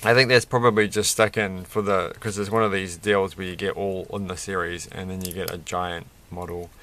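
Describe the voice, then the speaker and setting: A man's voice: deep voice, level tone, brisk, a bit bright. A man rambling through a toy build with self-mocking, off-the-cuff commentary, laughing at his own jokes. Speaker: toy reviewer building a set.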